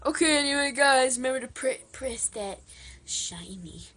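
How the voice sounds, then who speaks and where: A woman's voice: high-pitched, steady tone, fairly quick, a bit bright, slight background noise. A teenage girl chatting playfully and rambling through a toy skit outro in a put-on accent. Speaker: toy skit video maker. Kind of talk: casual playful outro chat.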